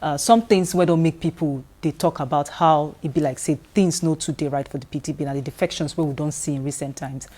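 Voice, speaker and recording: A woman with a Nigerian accent, an interviewer asking questions in a measured way with some hesitation. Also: low voice, steady tone, dark tone.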